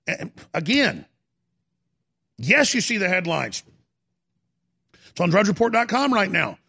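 Gravelly ranting talk-radio host. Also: male voice, high-pitched, very animated, measured pace, sharp tone. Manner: fervent, ranting, repeats himself.

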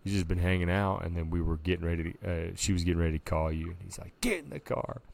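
Man, very low gravelly voice, casual podcast storytelling, animated, acts out quotes. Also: rapid-fire, a little hiss or hum. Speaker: podcast co-host.

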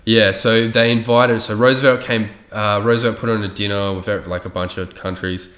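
A man's voice: lowish voice, fairly even intonation, moderate pace, a bit bright, roomy sound. A man telling a rambling story in casual chat, swearing freely and loose with his facts.

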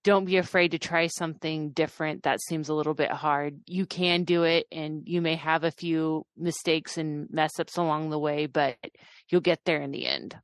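A woman co-hosting a podcast, speaking in an earnest, encouraging and unhurried way. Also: low voice, steady tone, no echo. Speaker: podcast co-host. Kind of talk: casual chat.

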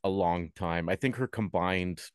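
A man's voice: low-pitched, normal speed, clear, resonant tone, no echo, clean studio sound. A man co-hosting a casual wrestling prediction show, playful and teasing with hesitant fillers. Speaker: podcast co-host.

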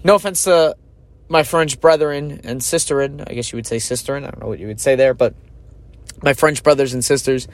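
A man's voice: mid-range voice, brisk. A man hosting a podcast, giving casual solo commentary in a chatty, opinionated way and thinking aloud with fillers. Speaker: podcast host.

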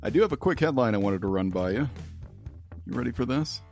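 A man's voice: medium pitch, animated, fast talker, vocal fry, darkish tone, faint music behind. A man hosting a casual podcast chat, reading out headlines and joking with his co-hosts, laughing often. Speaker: podcast host.

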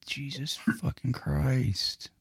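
A man's voice: mid-range voice, fairly even intonation, takes it slowly, gravelly, husky, dry recording, studio quality. A man hosting a live online radio show, ranting and swearing angrily about his computer trouble. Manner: profane, angry ranting. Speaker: host.

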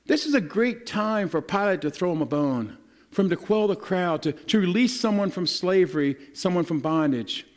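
High-voiced preacher telling a story. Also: male voice, normal speed. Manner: animated storytelling, acting out scripture scenes in a casual modern voice. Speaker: pastor. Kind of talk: sermon.

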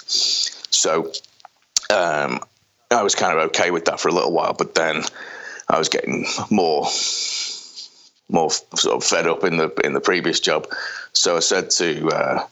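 A man with a Merseyside accent talks in a strikingly deep register. He is a podcast guest and former brewer, chatting casually. He wanders through his story with plenty of ums and uhs. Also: normal speed, sharp tone, rough recording. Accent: Merseyside English. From England. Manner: rambling, hesitant, many fillers. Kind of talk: casual interview chat.

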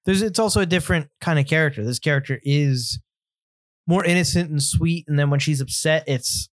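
Slightly high-voiced man, relaxed movie chat. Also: fairly quick, no echo, clean studio sound. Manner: relaxed, laughs easily, drifts into mock quotes. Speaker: movie podcast co-host. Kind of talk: casual movie discussion.

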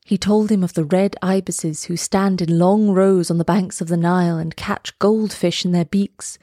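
A woman reading a fairy tale aloud, slow, lilting and expressive. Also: on the low side, no echo, clean studio sound. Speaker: storyteller. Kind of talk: storybook read-aloud.

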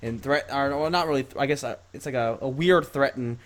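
A man hosting an interview, asking questions in a casual, halting way full of fillers and restarts. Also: medium pitch. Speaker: podcast host.

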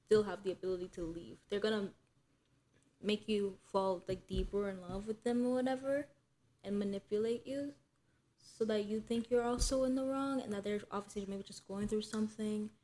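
A woman's voice: medium pitch, steady tone, moderate pace, mellow. A young woman co-hosting a casual podcast chat, talking loosely with lots of "like" fillers and thinking aloud. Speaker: podcast co-host.

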